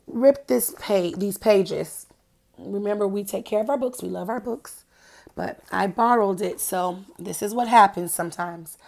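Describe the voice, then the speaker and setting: Reading a picture book to young children at a measured pace, a woman with a medium-pitched, slightly mellow voice and some vocal fry keeps things playful. She addresses the little ones directly, posing questions as she goes.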